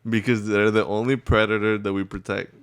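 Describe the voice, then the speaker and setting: A man's voice: on the low side, level tone, fairly quick, clear, resonant tone. A young man co-hosting a casual podcast chat, laid-back and laughing often, calling people bro. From Texas. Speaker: podcast co-host.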